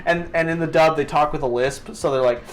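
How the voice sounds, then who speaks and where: A man's voice: a little high, brisk. A man co-hosting a podcast, chatting casually with crude, joking banter. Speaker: podcast co-host. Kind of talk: casual chat.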